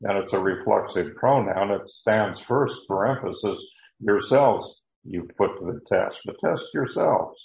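A man's voice: lowish voice, unhurried, vocal fry. A man teaching a verse-by-verse Bible sermon in a plain explaining tone, often restarting his sentences as he works through Greek words. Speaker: preacher. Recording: dull, lo-fi, echoey room.

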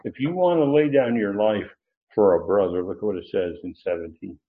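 A pastor with a lowish voice preaches an expository sermon at a fairly quick clip, teacherly in manner and raising his voice to stress key words. The audio sounds tinny, almost like a phone.

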